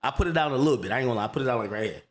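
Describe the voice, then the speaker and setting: A man hosting a livestream, telling a heated story in an animated, profane, repetitive way. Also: mid-range voice, racing. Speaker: livestream host.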